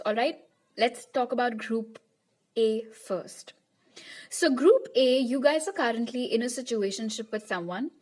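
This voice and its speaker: A young woman giving a pick-a-card tarot reading to her viewers in a chatty, reassuring way. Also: on the high side. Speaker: tarot reader.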